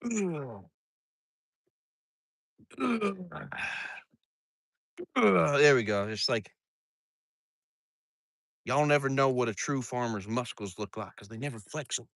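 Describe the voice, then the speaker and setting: A farmer man rambles and jokes to his livestream chat outdoors, swearing freely. His pitch swings widely as he talks. The sound is dry and close. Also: expressive, slow pace, creaky, long pauses, fairly bright tone, dry recording. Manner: profane, joking and rambling. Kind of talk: casual livestream chat while doing farm chores. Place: outdoors on a farm.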